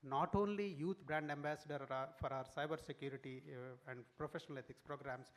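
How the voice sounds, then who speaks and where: A man giving a formal speech at an event, halting, with many fillers and restarts. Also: on the high side.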